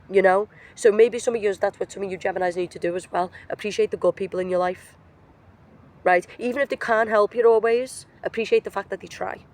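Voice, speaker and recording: A woman talks her way through a motivational tarot reading out in nature, her voice roughened by illness. She speaks bluntly and emphatically, slipping into casual slang as she presses her points. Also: fairly low pitch, a little mellow. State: sick, voice affected. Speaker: tarot reader. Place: outdoors in nature.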